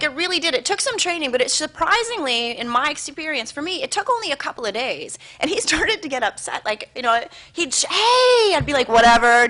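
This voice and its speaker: A woman giving a motivational talk to a live audience, telling stories in an animated, conversational way. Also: high voice. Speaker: motivational speaker.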